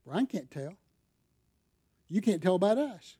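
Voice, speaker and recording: A man's voice: sits high, sing-song, a little slow, warm tone, breathy edge. A middle-aged man pastor preaching a sermon in a church, talking casually with the congregation and asking them questions. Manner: conversational preaching with audience questions and props. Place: church sanctuary.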